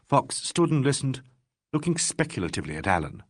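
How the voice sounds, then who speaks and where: A man narrating a classic mystery audiobook in an expressive storytelling manner. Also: medium pitch, a little fast, no echo, clean studio sound. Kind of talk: scripted narration.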